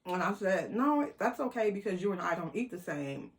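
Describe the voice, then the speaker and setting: Animated woman telling a story. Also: lowish voice, normal speed. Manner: animated, quotes people in voices, laughs. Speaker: vlogger. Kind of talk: casual storytelling.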